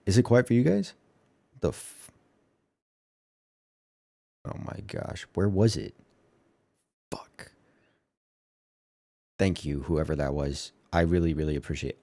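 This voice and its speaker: A man's voice: low-pitched, big pitch swings, normal speed, vocal fry, long pauses, mellow, no room sound, clean studio sound. A man streaming, reacting in offhand, profane asides to chat and a video. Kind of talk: casual stream commentary.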